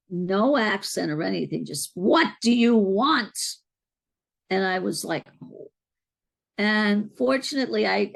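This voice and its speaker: A woman's voice: mid-range voice, creaky, husky. A middle-aged woman, an interview guest, earnestly recounting a personal spiritual experience in a reflective way. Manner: earnest, reflective, unhurried storyteller.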